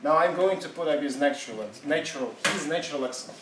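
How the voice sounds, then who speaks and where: A man's voice: on the high side, fast. A male English teacher leading a classroom seminar, conversational and quizzing his students. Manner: conversational, asks the class, laughs often. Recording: echoey classroom from far off, noisy.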